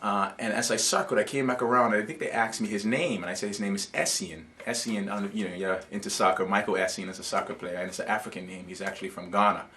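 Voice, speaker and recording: A man's voice: on the low side, steady tone, fast, few pauses, bright, forceful tone, slight background noise. A man from Bermuda in his thirties, an author telling a personal story in an interview, reflective, with fillers and restarts. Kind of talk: conversational interview.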